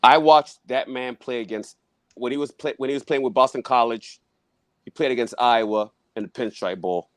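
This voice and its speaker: A man's voice: medium pitch, moderate pace, no room sound. A man arguing football picks on a casual panel, emphatic and brash, swearing for emphasis.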